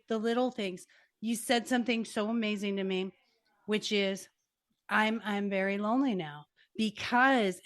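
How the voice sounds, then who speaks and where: A woman hosting a podcast and coaching her guest, effusive and emphatic in her responses. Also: medium pitch. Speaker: podcast host and life coach. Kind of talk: conversational interview.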